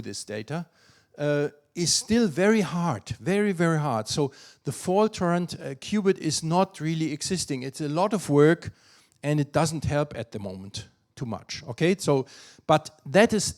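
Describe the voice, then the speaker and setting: An older man with a German accent lectures on physics, pitched a bit high for a man. He thinks aloud as he goes, with fillers, restarts and quick asides to the audience. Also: expressive, darkish tone. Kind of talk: academic lecture.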